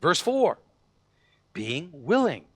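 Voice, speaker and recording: A man's voice: on the high side, huge pitch swings, slow pace, fairly bright tone, breathy edge, no echo. A man preaching a sermon as pastor, telling stories animatedly and acting out the voices in them, with frequent restarts.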